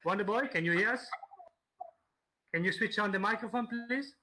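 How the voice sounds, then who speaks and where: Male host, halting and filler-heavy, high-pitched. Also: bright, forceful tone, rough recording. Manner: halting, many fillers, switches between languages. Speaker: host and translator. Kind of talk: live stream interview.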